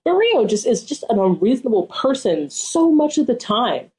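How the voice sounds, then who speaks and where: A woman's voice: fairly high pitch, sing-song, normal speed, darkish tone, rough recording. A young adult woman co-hosting a podcast, chatting casually and animatedly with opinionated asides and frequent fillers. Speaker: podcast co-host. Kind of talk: casual chat.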